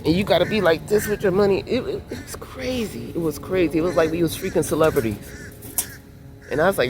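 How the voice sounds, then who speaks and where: A woman vlogger telling a casual storytime in a chatty way, sitting in a minivan by the beach. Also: mid-range voice. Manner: animated, chatty storytelling with exclamations.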